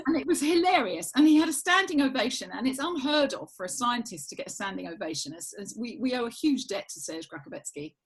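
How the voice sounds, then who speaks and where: A woman guest, a yoga teacher trainer, telling lively stories in an interview and acting out what people said. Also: mid-range voice, husky. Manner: animated, acts out quoted voices, frequent restarts. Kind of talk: lively storytelling interview chat.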